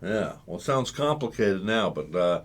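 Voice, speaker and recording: A man's voice: on the low side, very animated, normal speed. A man hosting a live call-in radio show, chatting with a caller in a folksy way and asking lots of questions. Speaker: radio talk show host.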